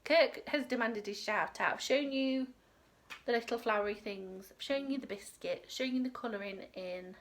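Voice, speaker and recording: A woman's voice: on the high side, normal speed. A woman hosting a crochet podcast from home, rambling in casual chat with lots of fillers. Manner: rambling, chatty, with many fillers.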